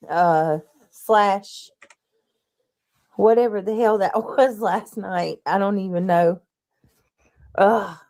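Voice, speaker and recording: A woman's voice: mid-range voice, a little mellow. A woman hosting a livestream, chatting casually and reading out her viewers' comments as she greets them. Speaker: livestream host.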